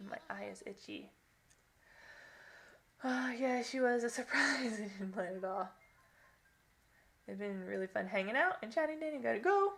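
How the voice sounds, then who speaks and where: Bright-voiced chatty young woman streamer. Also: fairly high pitch, a little hiss or hum. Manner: chatty, laughs often, rambling. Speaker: gaming live-streamer. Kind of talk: casual live-stream chat, reading viewer comments.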